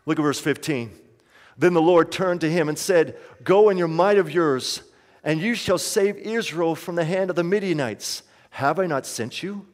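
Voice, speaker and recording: A man's voice: on the high side, moderate pace, in a large hall. A man preaching a sermon as pastor, pleading and impassioned, acting out the voices of the people in his story.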